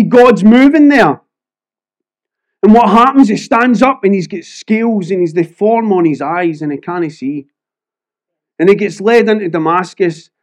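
A Scottish man preaches in an earnest, conversational way, sharing personal testimony with frequent restarts. His voice sits notably high for a man. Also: darkish tone.

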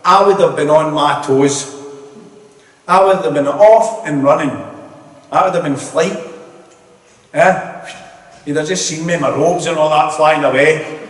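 A man's voice: on the high side, measured pace, long pauses. Man preaching in an echoey hall. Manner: earnest, rambling, self-interrupting. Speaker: lay preacher giving testimony. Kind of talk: sermon testimony. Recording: echoey hall, distant mic.

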